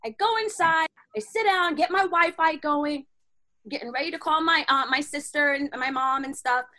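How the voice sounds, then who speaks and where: A woman guest telling a personal story in animated, slangy conversation, acting out her own inner dialogue. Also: high-pitched, moderate pace. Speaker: podcast guest.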